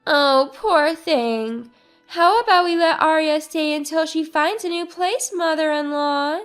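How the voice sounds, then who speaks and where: A prim, fake-sweet sister-in-law in a storybook drama, voiced by a woman narrator. She speaks slowly and high with a condescending edge, faint music in the background. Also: animated. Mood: mock pity. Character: condescending, fake-sweet young mother, Alvina.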